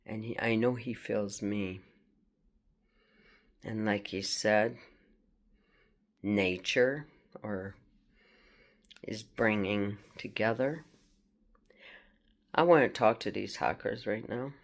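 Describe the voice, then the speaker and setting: A woman from France, speaking in a halting, rambling personal video monologue and confronting unseen hackers. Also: very deep voice. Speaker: vlogger.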